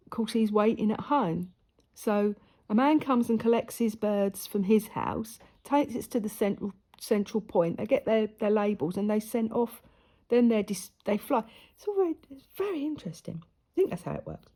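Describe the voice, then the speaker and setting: A woman's voice: mid-range voice, expressive, moderate pace, mellow. A woman casually telling a story while she sews, chatty and laughing often. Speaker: crafter and vlogger. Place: at home in front of a camera.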